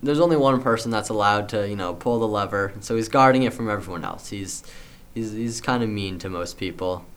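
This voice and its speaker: A young man spinning a made-up story in a loose, rambling way, full of fillers and restarts. His voice sits a little low and his delivery stays easygoing. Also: brisk. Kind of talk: casual improvised storytelling.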